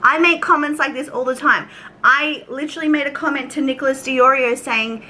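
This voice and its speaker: Australian woman, young adult, casual storytime rant, chatty and sweary, bright tone, light background hiss. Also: sits high, expressive, fast, rough recording. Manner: chatty, swears freely, acts out quoted exchanges. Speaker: YouTube commentary creator.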